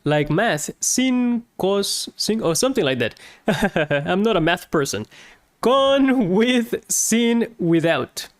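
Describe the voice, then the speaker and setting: A woman's voice: mid-range voice, lively intonation, takes it slowly, no room sound, clean studio sound. A woman teaching words in a lesson, repeating each word with chatty asides. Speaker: Spanish teacher. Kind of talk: slow language lesson.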